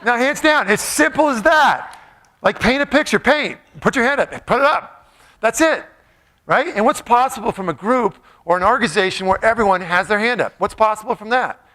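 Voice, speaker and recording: A man with a high, bright voice gives a motivational talk to a live audience. He jokes often, keeps the tone playful, and keeps putting questions to the crowd. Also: lively intonation, normal speed. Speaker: motivational speaker.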